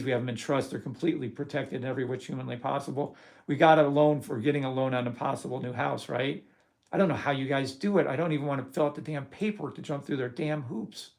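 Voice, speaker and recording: A middle-aged man hosting a live trading stream, talking bluntly and profanely and working himself up into loud rants. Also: mid-range voice, creaky. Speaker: trading course host. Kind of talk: live-stream talk to viewers.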